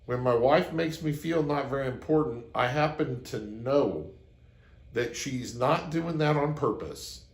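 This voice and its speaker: A man's voice: mid-range voice, a little slow, vocal fry, reverberant. A man sharing a personal story as advice to his viewers, speaking earnestly and acting out the lines he quotes. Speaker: relationship advice host. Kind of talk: advice monologue to camera.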